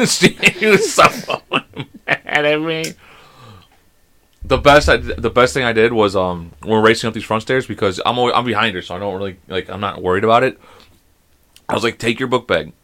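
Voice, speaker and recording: A man in his thirties who hosts a podcast, telling stories in a lively, animated way and swearing a lot. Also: on the low side, fast. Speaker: podcast host. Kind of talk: casual podcast chat.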